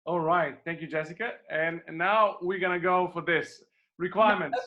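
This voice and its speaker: A man's voice: a little high, fairly even intonation, moderate pace, lo-fi sound. A man hosting an online class over a video call. He welcomes everyone, leads a prayer, and often repeats phrases with many fillers. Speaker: online event host. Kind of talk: welcoming host with an opening prayer.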